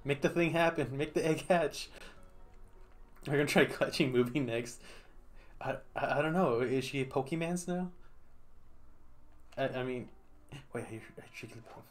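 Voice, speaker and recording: A man's voice: medium pitch, moderate pace, pauses often, soft background music. A man streaming a game, chatting casually and playfully, laughing often and talking to the creatures on screen. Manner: playful, giggly, talks to the game. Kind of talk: casual gameplay commentary.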